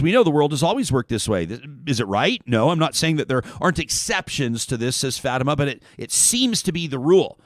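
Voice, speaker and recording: A man hosting a talk show, chatting casually and reading listener emails aloud in an animated way. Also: a little high, dry recording, clean studio sound. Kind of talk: radio talk show monologue.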